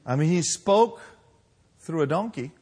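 A man in his sixties preaching a sermon, telling folksy personal stories with humor and lively emphasis. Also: on the high side, measured pace, breathy edge. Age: 60s. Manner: folksy storytelling, animated with laughs. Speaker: pastor.

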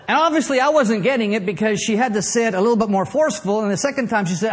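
A man's voice: sits high, quick pace, husky. A middle-aged man preaching a sermon, telling a humorous story and then building into fervent preaching. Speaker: pastor.

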